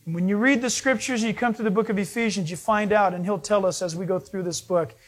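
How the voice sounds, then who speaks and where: A man's voice: high voice, fast. A man preaching a conversational sermon, telling stories in a chatty way with frequent restarts. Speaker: pastor.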